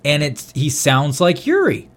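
A man's voice: a little high, huge pitch swings, measured pace. A man co-hosting a podcast in casual chat, telling rambling, profane stories. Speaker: podcast co-host.

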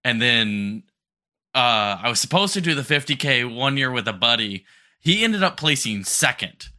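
A man's voice: medium pitch, sing-song, moderate pace, sharp tone. A man co-hosting a podcast, describing a race with enthusiasm in casual conversation. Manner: enthusiastic, explanatory. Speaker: podcast co-host.

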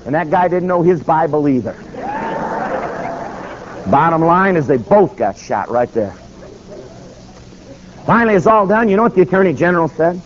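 Animated preacher telling a story. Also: male voice, normal speed, long pauses. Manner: animated, acts out quotes with shifting pitch. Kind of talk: sermon storytelling. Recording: slightly dull recording with faint noise.

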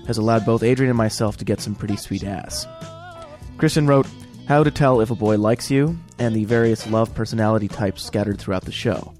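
A man's voice: lowish voice, darkish tone. A man hosting a radio show, reading the closing credits in a wry, irreverent way.

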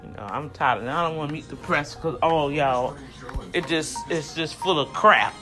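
A woman's voice: low-pitched, moderate pace, over music. A woman in her fifties giving heated, indignant commentary straight to her viewers, often repeating words as she gets worked up. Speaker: vlogger.

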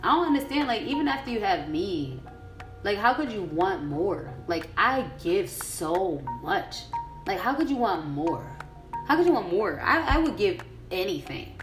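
A young woman hosting a podcast, reading an article aloud and breaking into a profane, emotional rant that climbs to furious shouting. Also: mid-range voice, big pitch swings, measured pace, roomy sound, soft background music. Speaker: podcast host.

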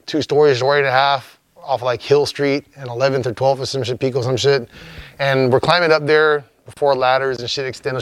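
A man's voice: medium pitch, dry recording. A man telling a story as an interview guest, in a rambling, profane, laid-back way.

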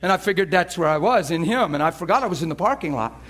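A man preaching a sermon, telling a story with animated energy that swings from hushed to shouting. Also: high voice, fast talker. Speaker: pastor.

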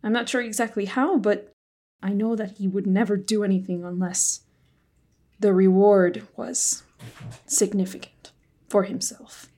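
A woman voicing an earnest young noblewoman who speaks in a measured, thoughtful way about her father in a tabletop game. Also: medium pitch, fairly even intonation, dark tone, lightly acted. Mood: worried.

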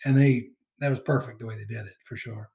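A man's voice: mid-range voice, steady tone, quick pace, vocal fry, mellow. Rambling man recapping a movie. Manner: rambling, many fillers, acts out quoted lines. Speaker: podcast co-host. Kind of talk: casual chat recapping a movie.

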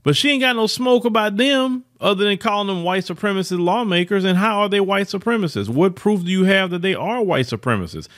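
A middle-aged man with a fairly high voice delivers opinion commentary in a preachy, emphatic way. He stumbles over repeated words and restarts as he presses his points. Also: a little fast, hardly any pauses, a bit bright.

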